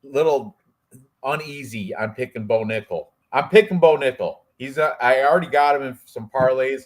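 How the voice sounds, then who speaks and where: A man's voice: mid-range voice, moderate pace. A man co-hosting a fight picks stream, rambling in casual banter, swearing and laughing often. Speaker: co-host of a fight picks show.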